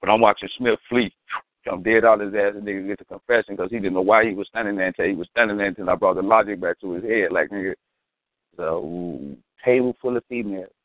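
A man's voice: fairly low pitch, fast talker, dry recording. A man telling a rambling, profane, slang-heavy story with philosophical asides. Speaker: storyteller guest. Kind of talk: casual storytelling. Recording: tinny phone-like, dry.

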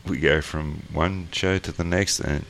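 An Australian man with an extremely low voice and a gravelly, creaky edge, co-hosting in loose casual chat. He jokes around and swears freely, heard through a remote call mic. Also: steady tone, unhurried, fairly bright tone, a little hiss or hum. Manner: joking, loose and profane. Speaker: podcast co-host.

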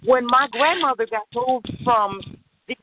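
A woman's voice: fairly high pitch, unhurried. An older woman, a grandmother, calling in and venting bluntly and frankly about her family. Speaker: caller. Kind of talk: casual chat. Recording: noisy phone line.

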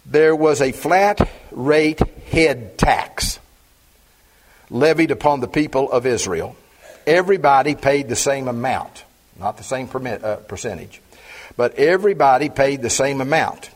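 A middle-aged male pastor preaching a sermon, reading scripture aloud and then expounding it with slow, emphatic stresses. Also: medium pitch, lively intonation.

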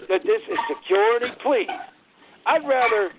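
A man's voice: sits high, animated, moderate pace, vocal fry, background noise. Fired-up man ranting over a phone line. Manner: fired-up, profane, shouting bursts. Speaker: internet radio host. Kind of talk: angry political rant. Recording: tinny phone-line audio, dry.

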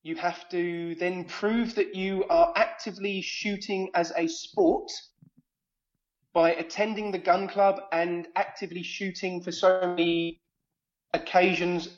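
A man from Germany with a German accent, explaining things at length in a calm, matter-of-fact way during a casual podcast chat. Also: sits high, unhurried, highs cut off. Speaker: podcast guest.

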